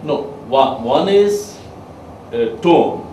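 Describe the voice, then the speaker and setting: A man giving a soft skills lecture to a class, emphatic and quizzing his listeners. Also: medium pitch, expressive, extremely slow, slight background noise. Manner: emphatic, asks the class questions. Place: training room with a class. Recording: echoey room, mic far off.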